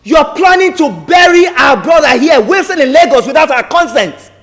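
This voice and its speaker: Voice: high voice, lively intonation, moderate pace, soft background music. Nigerian actor as an angry uncle demanding answers, far from the mic, echoey, film drama. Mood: outraged. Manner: accusing, shouting demands. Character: outraged uncle, brother of the dead man. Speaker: brother-in-law.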